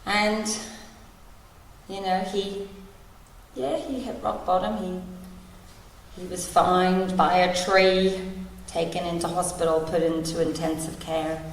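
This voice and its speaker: A woman's voice: fairly low pitch, flat delivery, takes it slowly, gravelly, long pauses, slight background noise. A woman in her forties sharing her story at a recovery meeting, candid and wry, laughing through painful memories. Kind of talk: personal share at a recovery meeting. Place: large hall at a convention. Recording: distant, echoey hall recording.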